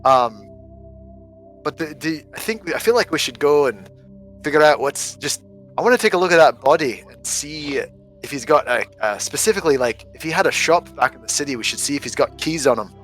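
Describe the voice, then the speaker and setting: A man's voice: a little high, lively intonation, brisk, a bit bright, soft background music, low-quality recording. A man playing a tabletop game, chatting casually with the other players in a rambling, joking way and laughing often. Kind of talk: casual chat between players.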